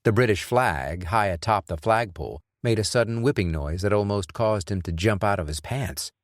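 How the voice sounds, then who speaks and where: A man narrating an audiobook in a measured, even reading. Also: on the low side, no echo, studio quality. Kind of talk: scripted narration.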